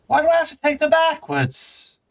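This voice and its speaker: A man streaming a relaxed game, chatting in a rambling, playful, self-mocking way. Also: very high voice, normal speed, creaky, low-quality recording. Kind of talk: casual gameplay commentary.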